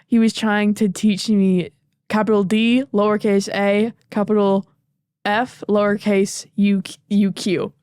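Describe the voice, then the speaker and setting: A woman's voice: mid-range voice, little pitch movement, a little slow, darkish tone, clean tone, dry recording, studio quality. A teenage girl chatting casually as a podcast guest, rambling and giggly with plenty of likes and ums. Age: teens. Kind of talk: casual chat.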